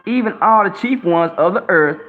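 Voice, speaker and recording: A man's voice: animated, moderate pace, faint music behind. Man preaching scripture, tinny sound. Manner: profane, swings between low murmurs and loud outbursts. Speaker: self-styled preacher. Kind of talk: reading and preaching scripture to camera. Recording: tinny phone-like audio with faint background hum.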